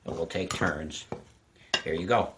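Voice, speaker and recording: There's background noise as an older man with a deep voice, unhurried, shows a child how to cook in a home kitchen. Patient and encouraging, he explains every step of the casual lesson.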